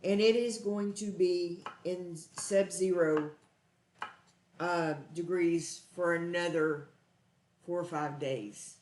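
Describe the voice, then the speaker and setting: A woman's voice: on the low side, steady tone, slow, darkish tone, echoey room, slight background noise. A woman with a Texan accent hosting a live cooking stream from her home kitchen. She talks in a chatty, earnest, folksy way. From Texas. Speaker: cooking show host.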